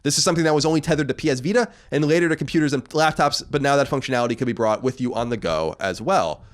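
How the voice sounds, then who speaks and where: A man's voice: medium pitch, very fast. A man co-hosting a casual podcast, reading out news and joking loosely with his co-host.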